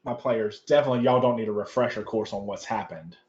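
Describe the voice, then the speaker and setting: A man hosting as game master, easygoing and quick to laugh as he leads the group. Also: on the low side, darkish tone, dull audio. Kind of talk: casual tabletop game hosting.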